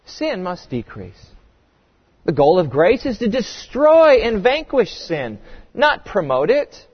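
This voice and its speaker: A man's voice: high voice, wildly swooping pitch, slow pace, breathy edge, in a large hall, lo-fi sound. A man preaching an expository sermon, asking emphatic rhetorical questions. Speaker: pastor.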